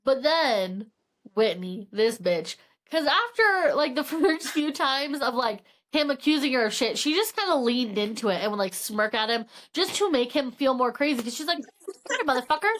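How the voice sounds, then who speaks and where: High-pitched woman, casual podcast chat, retells the story animatedly. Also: moderate pace. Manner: animated retelling with swearing and acted quotes. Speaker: podcast co-host. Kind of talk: casual book recap chat.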